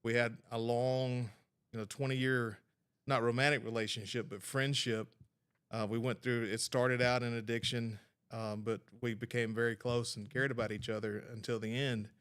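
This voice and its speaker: A man's voice: mid-range voice, level tone, normal speed, a bit bright, clean tone. A man, a podcast producer, talking earnestly in a casual studio conversation and telling a heartfelt story.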